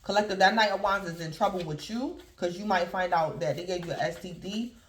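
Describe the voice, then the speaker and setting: A man's voice: sits high, brisk, fairly bright tone, a little hiss or hum. A man giving a casual, rambling tarot reading to his viewers, addressing them again and again as "collective". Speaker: tarot reader. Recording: roomy echo.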